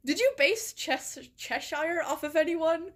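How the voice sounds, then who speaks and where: A woman's voice: very high-pitched, measured pace, fairly bright tone. A woman chatting casually as she reads out viewer stories. She rambles with many "like" and "right?" asides and swears freely. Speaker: streamer reading viewer stories. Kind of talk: casual chat.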